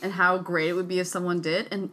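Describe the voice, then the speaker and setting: A woman's voice: fairly low pitch, little pitch movement, quick pace, fairly bright tone. A woman co-hosting a casual podcast chat, swearing freely and laughing often.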